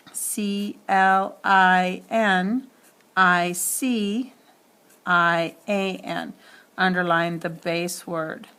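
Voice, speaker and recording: A woman's voice: fairly low pitch, fairly bright tone, clear, resonant tone. A woman teacher giving a spelling lesson, speaking carefully and spelling words out letter by letter.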